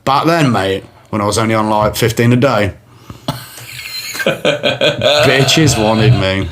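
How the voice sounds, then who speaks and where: A man's voice: fairly low pitch, normal speed, slight background noise. Casting: young male comedian, loose rambling storyteller. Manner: rambling, laughs often. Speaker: comedian and podcast host. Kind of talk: casual storytelling chat.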